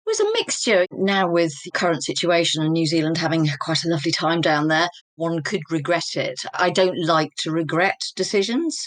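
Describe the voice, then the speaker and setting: An Englishwoman in her fifties, appearing as an interview guest, shares personal stories in an open, reflective way. Her voice is lowish and moves at a normal speed with hardly any pauses, and the recording is dry.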